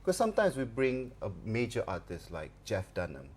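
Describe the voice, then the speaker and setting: A man's voice: fairly low pitch, huge pitch swings, brisk, darkish tone. A man being interviewed as a comedy show organizer, talking hesitantly with many fillers. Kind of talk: studio interview.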